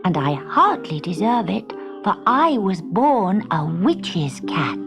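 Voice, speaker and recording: A woman's voice: on the low side, very animated, slow pace, gravelly, loud music behind the voice, heavily acted. A woman voicing a small, frightened male kitten in a storybook reading, pleading and tearful. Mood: wistful. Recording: noisy recording.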